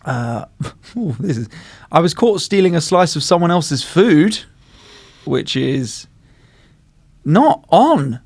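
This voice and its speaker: A man's voice: fairly high pitch, very animated, slow pace, a little mellow, no echo. A man, co-hosting a podcast and telling stories with plenty of swearing and laughter. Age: 20s. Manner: swears freely, laughs often, tells stories. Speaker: podcast co-host. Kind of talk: casual chat.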